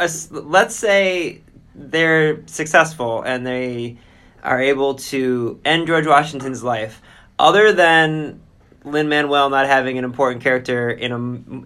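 A man's voice: mid-range voice, fairly bright tone. A man hosting an interview, asking rambling questions in a casual way. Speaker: host. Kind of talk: interview conversation.

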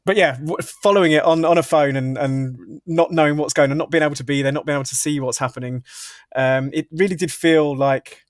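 A man's voice: on the high side, a little fast, dry recording, clean studio sound. A middle-aged man with a southern English accent, a guest on a casual podcast, talking hesitantly with many ums and restarts. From southern England. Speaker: podcast guest, football editor. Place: home room with shirts on the wall.

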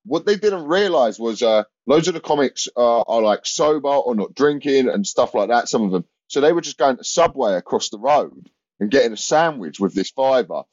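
A man's voice: medium pitch, expressive, normal speed, a little mellow, dry recording, muffled recording. A man, a comedian, telling rambling anecdotes in casual chat, laughing and restarting often. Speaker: comedian guest.

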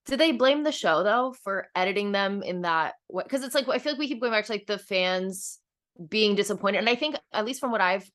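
A woman's voice: mid-range voice, lively intonation, fairly quick, a bit bright. A woman co-hosting a casual podcast chat, talking conversationally, asking questions and often saying "like". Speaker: podcast co-host.

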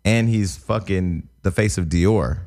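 A man's voice: low-pitched, takes it slowly, a little mellow. A man hosting a radio show, chatting in brash, profane, joking banter. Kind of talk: casual banter.

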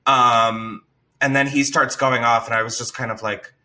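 Young male podcast host, animated storyteller, bright tone. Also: medium pitch, normal speed. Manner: animated, swearing, laughs a lot. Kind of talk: casual storytelling.

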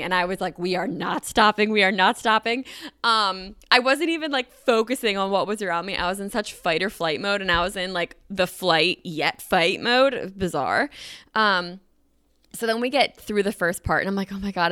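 Chatty young woman telling a story, says like a lot, bright smooth voice. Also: medium pitch, no room sound, clean studio sound. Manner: chatty, lots of "like", acts out quotes. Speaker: podcast host. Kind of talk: casual storytelling.

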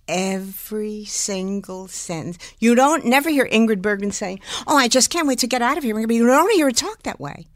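An older woman, an impressionist and singer, telling animated stories in an interview, laughing often and slipping into impressions. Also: mid-range voice, dry recording, clean studio sound. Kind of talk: lively storytelling in a talk interview.

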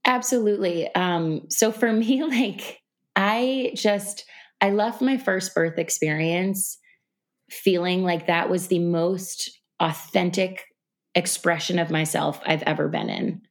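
A woman guest on a podcast, talking in a relaxed, reflective way, with lots of fillers. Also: on the low side, takes it slowly. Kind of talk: casual interview conversation. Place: New York City.

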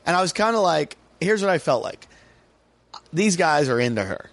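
A man's voice: fairly high pitch, normal speed, no room sound. A man from the United States, a comedian guest on a podcast, telling a story casually and acting out the people in it. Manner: animated, acts out voices in his story.

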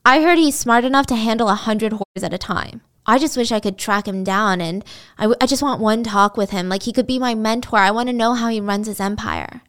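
A woman's voice: fairly high pitch, brisk, smooth, natural voice. A woman voicing a brash, cocky young pimp. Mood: eager. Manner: crude, swaggering, slangy.

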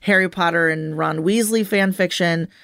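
Woman, low-ish voice, casual group chat, laughs a lot, dry close mic. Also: moderate pace, gravelly, fairly bright tone, dry recording. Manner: laughs often, says "like" a lot.

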